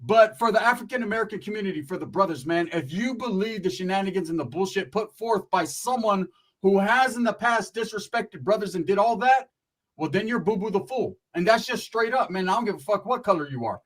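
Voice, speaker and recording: A man's voice: high voice, expressive, fairly quick, a bit bright, rough recording. A young man from Northern California ranting bluntly and profanely on his channel, tagging lines with "right?" and "bro". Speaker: YouTuber. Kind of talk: livestream rant.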